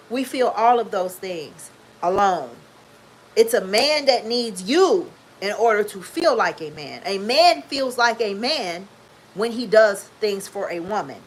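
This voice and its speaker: A woman's voice: medium pitch, lively intonation, a little slow, poor audio. A woman in her fifties talking candidly to her viewers, emphatic and preachy, repeating her points for emphasis. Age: 50s. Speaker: vlogger. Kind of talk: candid talk to camera.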